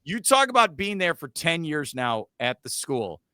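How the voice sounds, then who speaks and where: A man hosts a casual sports talk podcast, joking and throwing in quick asides. His voice is bright and lively, and it swings widely in pitch. The sound is dry and close. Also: smooth, no room sound. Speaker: podcast host.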